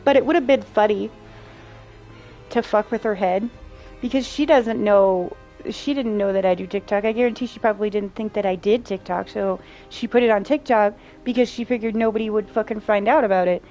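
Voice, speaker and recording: A woman's voice: mid-range voice, a little fast, dark tone. A young adult woman streaming, chatting casually, blunt, profane and sarcastic. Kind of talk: casual chat while playing. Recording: faint game music behind.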